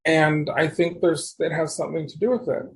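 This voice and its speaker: High-pitched guy rambling thru a story on a podcast, animated, lots of restarts. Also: a little fast. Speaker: podcast guest. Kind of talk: casual storytelling conversation.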